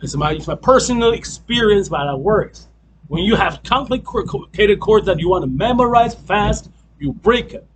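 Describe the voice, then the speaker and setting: A man's voice: high voice, lively intonation, moderate pace, slight background noise, rough recording. A man teaching a group piano class, counting in and chanting the beats aloud between loose, restarting explanations.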